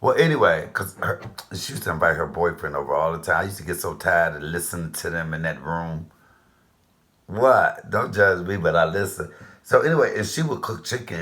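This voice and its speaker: Man, 50s, deep voice; chatty home-cook host, loose and rambling. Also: a bit bright. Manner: chatty, rambling asides, addresses viewers directly. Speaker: cooking channel host. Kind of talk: casual cooking vlog chat.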